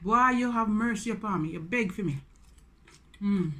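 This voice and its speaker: On her mukbang vlog, this food vlogger, a Jamaican woman in her forties, talks in a relaxed way while mixing Patois in between English sentences. She has a medium-pitched, sharp-toned voice and speaks at a moderate pace.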